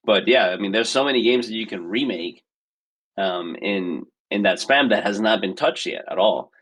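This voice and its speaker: Hesitant low-voiced male co-host. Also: expressive, moderate pace, a bit bright, low-quality recording. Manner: hesitant, many ums and uhs. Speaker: podcast co-host. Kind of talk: casual podcast chat.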